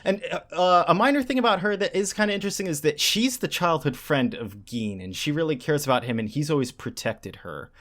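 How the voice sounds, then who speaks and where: A man's voice: fairly high pitch, brisk, few pauses. A man on a podcast casually recapping a manga for his co-hosts, acting out character lines as he goes. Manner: animated storytelling, acts out character lines. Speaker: podcast co-host.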